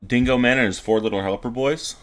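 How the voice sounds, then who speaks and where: A man's voice: medium pitch, a little fast, fairly bright tone. A man casting an amateur esports league on a live stream, chatting casually and doing playful, mock-formal sponsor reads. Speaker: esports caster.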